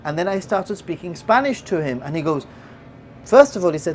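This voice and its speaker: A host from Gibraltar telling a story in casual chat, turning loud and excited as it goes. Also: medium pitch, brisk, a little hiss or hum. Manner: animated, gets loud and excited when retelling.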